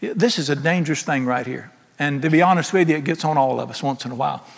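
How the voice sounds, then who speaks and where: A man preaching a sermon as pastor, animated and joking, with lots of rhetorical questions. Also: fairly high pitch, quick pace, gravelly. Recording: long hall reverb.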